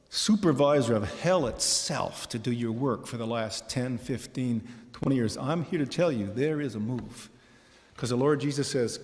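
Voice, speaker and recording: Impassioned preacher in a reverberant church. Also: male voice, mid-range voice, unhurried, darkish tone. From Michigan, USA. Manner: impassioned, rhetorical questions, repeats key phrases. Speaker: pastor. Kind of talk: sermon. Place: church sanctuary.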